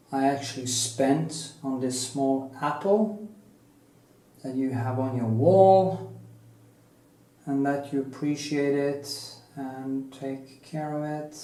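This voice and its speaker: Slow-talking Norwegian man, mellow voice. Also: mid-range voice, echoey room, rough recording. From Norway. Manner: slow, musing, joking asides. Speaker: painting teacher. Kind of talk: rambling talk while painting.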